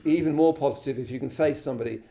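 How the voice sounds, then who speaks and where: A man's voice: medium pitch, very fast, vocal fry, dark tone. An English man giving an informal Buddhist talk to a live class, chatty and self-deprecating, often checking in with "you know" and "yeah?". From England. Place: shrine room at a Buddhist centre, live class.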